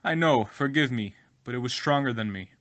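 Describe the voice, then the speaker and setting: A man's voice: mid-range voice, lively intonation, a little fast, a bit bright, close to an everyday voice. A man voicing a scorpion in a spoken fable, protesting at first and then apologetic. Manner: pleading, apologetic. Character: scorpion who cannot help stinging.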